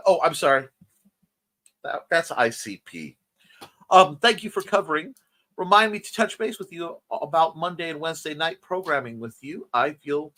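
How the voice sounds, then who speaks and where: A man hosting a casual morning livestream, chatting with viewers and reading out their comments with quick asides. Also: fairly high pitch. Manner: lively, chatty, quick asides and self-corrections. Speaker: morning show host.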